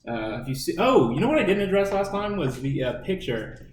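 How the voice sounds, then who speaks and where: A man's voice: a little high, very animated, fairly quick. A young man co-hosting a casual podcast, telling a rambling, profane story full of fillers. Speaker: podcast co-host. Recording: roomy room, distant mic, faint noise.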